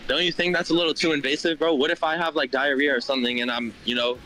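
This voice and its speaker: A man's voice: fairly high pitch, steady tone, fast talker, bright, forceful tone, slight background noise, low-quality recording. A man taking part in a stream challenge, talking in a rambling, hesitant way with restarts and casual swearing. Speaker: stream contestant.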